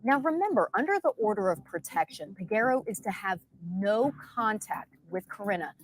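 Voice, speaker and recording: Woman, documentary interviewer, calm questions, light hiss. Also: medium pitch, moderate pace, rough recording. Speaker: interviewer and narrator.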